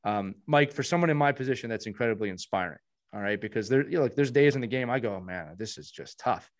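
A man hosting a hockey podcast, chatting casually and warmly, with frequent restarts and repeated words. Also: on the low side, animated, fast. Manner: warm, rambling, many restarts. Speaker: podcast host.

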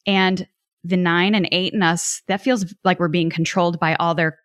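A woman with a lowish voice hosting a relaxed podcast chat. She talks frankly and bluntly, with swearing and fast acted-out lines, and her voice sounds close and dry, with no room echo. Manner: blunt, swears freely, quick acted asides. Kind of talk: casual podcast conversation.

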